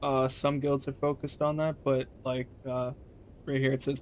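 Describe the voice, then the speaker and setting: A man's voice: mid-range voice, little pitch movement, normal speed, a little mellow, a little hiss or hum. Laid-back young man streaming a game. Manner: laid-back, swears casually, talks to chat. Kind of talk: casual live-stream chat.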